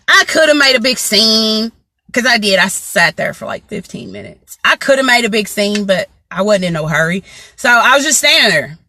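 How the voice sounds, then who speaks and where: A woman vlogger telling a story to her viewers in a casual, slangy, animated way. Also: on the high side, normal speed, dry recording. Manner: animated, slangy, talks straight to the audience.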